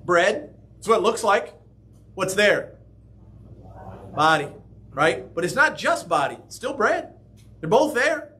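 A man's voice: high-pitched, expressive, slow, long pauses, bright, forceful tone. A man preaching a conversational sermon as pastor in a church, often asking the congregation questions.

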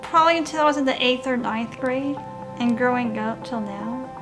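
A woman's voice: fairly high pitch, moderate pace, over music. A young woman from Tennessee answering interview questions in earnest, simple short replies with playful asides, in a casual chat while baking. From Tennessee, USA. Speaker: interview guest.

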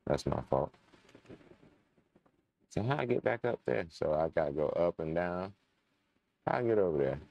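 A man's voice: low voice, expressive, moderate pace, vocal fry, long pauses, dull audio. A young man casually commenting while playing a game, chatting to his viewers and muttering when frustrated. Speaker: gaming channel host. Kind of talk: casual let's-play commentary.

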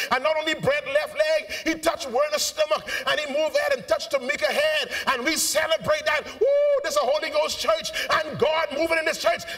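A man with a Bahamian accent preaching a live sermon in a church auditorium. He is fervent and calls out to the congregation, moving between shouted lines, sung phrases and quiet asides. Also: very high voice, recorded from a distance. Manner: call-and-response with the congregation. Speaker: bishop preaching. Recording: live church recording, voice off-mic.

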